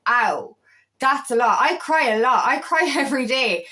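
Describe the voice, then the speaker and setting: A woman's voice: sits high, lively intonation, normal speed, bright, forceful tone. A woman working as an empowerment coach, speaking in a casual, motivational talk to camera. She is chatty and emphatic, repeats phrases, and swears now and then.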